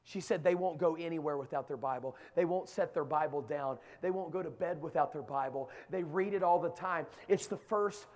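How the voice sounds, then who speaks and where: A middle-aged man preaching a sermon to young people, moving from quiet storytelling to shouted exhortation. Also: a little high, fairly quick, few pauses. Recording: long hall reverb.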